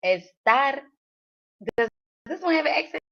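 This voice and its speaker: A fairly high-voiced woman talks slowly and loosely through her language practice, filling gaps with "um" and "like" and laughing at her own slips. The livestream sound is dull and lo-fi. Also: sing-song. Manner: chatty, lots of fillers, laughs at herself. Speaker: livestream host learning Spanish. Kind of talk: casual learning livestream.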